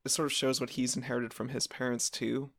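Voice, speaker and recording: A man's voice: medium pitch, level tone, a little fast, vocal fry. A man co-hosting a casual podcast discussion, building long points and often speeding up. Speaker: podcast co-host.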